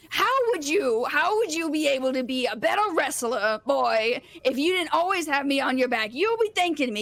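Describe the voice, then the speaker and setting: A woman's voice: high-pitched, fairly bright tone. A woman voicing a bossy, scheming old grandmother who manages a wrestler and scolds him. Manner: scolding, grumbling, calls him boy.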